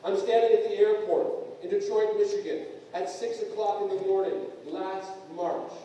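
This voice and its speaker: A middle-aged man giving a comedic motivational keynote in a large conference hall, telling animated stories and jumping to shouts for punchlines. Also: high-pitched, normal speed. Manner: animated storytelling, big jumps to shouting for punchlines. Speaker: keynote speaker. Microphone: distant camera mic. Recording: echoey hall, distant mic.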